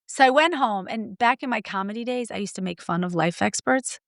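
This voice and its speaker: A middle-aged woman coach telling stories in an interview, blunt and lively, acting out her clients' lines. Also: on the high side, a little fast, no echo, clean studio sound. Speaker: guest, marriage coach. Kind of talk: animated storytelling interview.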